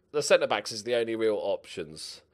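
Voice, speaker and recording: At a normal speed, in a fairly low, sing-song voice, a young gaming channel host comments on a football management game, muttering under his breath and swearing at his players.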